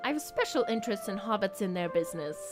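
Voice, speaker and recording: A woman's voice: mid-range voice, animated, racing, music in the background, voice pushed down, lightly acted. A woman reading the lines of a wise, kindly old male wizard from a game, in her own voice without an accent. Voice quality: read plainly without an accent. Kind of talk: reading game dialogue aloud.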